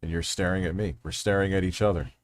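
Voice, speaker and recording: Low-voiced man rambling on a livestream. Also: steady tone, quick pace, dry recording, clean studio sound. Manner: rambling, profane, reading chat aloud. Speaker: livestream host. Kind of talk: casual livestream chat.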